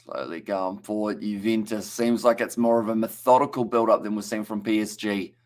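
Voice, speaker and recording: A young man with a New Zealand accent gives casual live play-by-play of a football match, chatting, reading out viewer comments between plays, and stumbling on names. His voice is on the low side, with fairly even intonation and a moderate pace.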